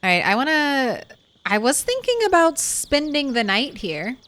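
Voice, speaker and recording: Young woman streamer, chatty and giggly, slow smooth delivery, dry sound. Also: high-pitched, sing-song, fairly bright tone, no room sound. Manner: chatty, laughs often. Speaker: game streamer. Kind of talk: casual gameplay commentary.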